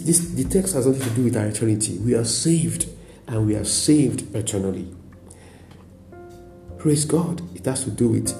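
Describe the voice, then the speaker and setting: Nigerian male pastor, lowish gravelly voice, emphatic repeating sermon, roomy echo with faint music behind. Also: dark tone. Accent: Nigerian English. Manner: emphatic preaching with repetition and frequent "praise God".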